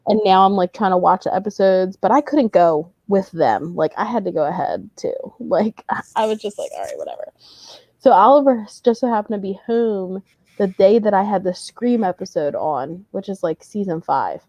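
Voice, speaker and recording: A young woman co-hosting a podcast, chatting casually and acting out her kids in animated stories. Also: medium pitch, moderate pace, no echo. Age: young adult. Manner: animated storytelling, acts out kids' voices. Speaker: podcast co-host. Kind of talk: casual chat.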